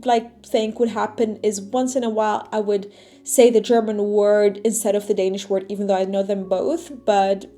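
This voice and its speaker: Woman, vlog storytelling, lively chatty manner, faint background music. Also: mid-range voice, moderate pace. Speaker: vlogger. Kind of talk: casual talking-to-camera vlog.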